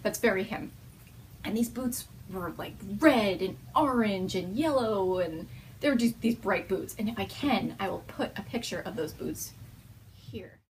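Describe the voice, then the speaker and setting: A woman's voice: medium pitch, unhurried, slight background noise. A young woman hosting a knitting video podcast at home, chatting casually and laughing often.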